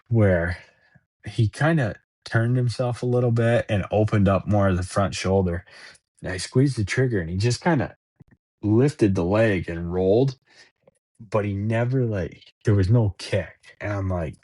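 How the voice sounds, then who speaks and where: A man with a low, husky voice tells a story in a loose, rambling way. He stumbles over and repeats words while acting out bits of dialogue. The sound is close and dry. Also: a little slow, a little mellow, no room sound. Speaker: podcast guest. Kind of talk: casual storytelling.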